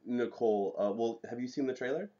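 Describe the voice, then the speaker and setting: A young man hosting a casual podcast chat, relaxed and rambling, with lots of fillers. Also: mid-range voice, a little fast, highs cut off. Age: young adult. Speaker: podcast host.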